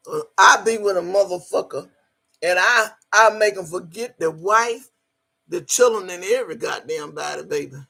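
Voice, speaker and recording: Gravelly-voiced brash woman livestreaming. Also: on the low side, sharp tone. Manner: brash, profane, boastful, laughing often. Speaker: livestream host. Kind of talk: unscripted livestream chat.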